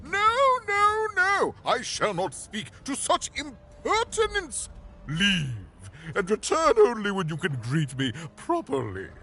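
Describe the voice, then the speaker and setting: An actor playing a pompous, easily offended duke in a video game, speaking in stiff, imperious formal phrases. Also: male voice, sits high, huge pitch swings, slow pace, sharp tone, heavily acted. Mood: haughty.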